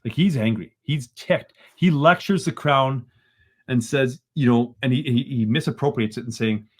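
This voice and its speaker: A man, a podcast guest retelling events in an animated, exasperated way and often ending lines with "right?". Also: mid-range voice, normal speed, slightly rough. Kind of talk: casual storytelling in a podcast interview.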